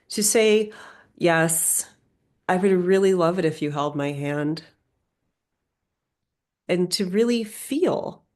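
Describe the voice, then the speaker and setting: A woman hosting a solo podcast, musing aloud in a meandering, reflective way. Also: mid-range voice. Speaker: podcast host.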